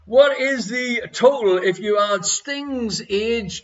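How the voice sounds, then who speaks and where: Male quiz host, high-voiced, unhurried, jokey with a chuckle; slightly muffled audio. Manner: jokey, chuckles between questions. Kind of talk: live-streamed quiz chat.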